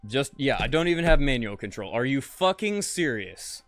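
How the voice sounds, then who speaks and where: Brief: young male streamer, lively swings in pitch, close dry mic, grumbling and cursing at the game, faint music under. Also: normal speed, few pauses, dry recording. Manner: frustrated, swearing, muttering to himself. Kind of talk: casual live-stream commentary.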